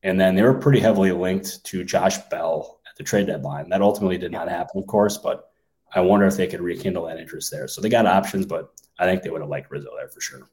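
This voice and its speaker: A man co-hosting a sports podcast, musing casually and thinking out loud with many fillers. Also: low-pitched, fast talker. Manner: thinks aloud with many ums and likes. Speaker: podcast co-host, sports reporter.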